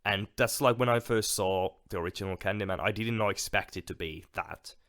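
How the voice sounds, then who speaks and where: A man's voice: on the low side, brisk, fairly bright tone, no room sound, clean studio sound. A man co-hosting a podcast in a casual film discussion. He speaks hesitantly, with many fillers and restarts. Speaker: podcast co-host.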